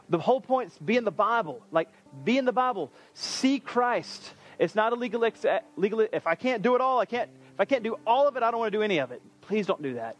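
A male pastor giving an energetic, conversational sermon. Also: high-pitched, fairly quick, hardly any pauses, soft background music. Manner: energetic, conversational, animated preaching.

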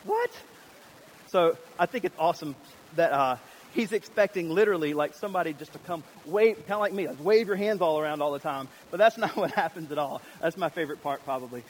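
A man preaching a sermon as pastor, animated and acting out the voices of people in the story. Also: a little high, a little fast, slight background noise, rough recording. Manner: animated, acts out voices of biblical figures.

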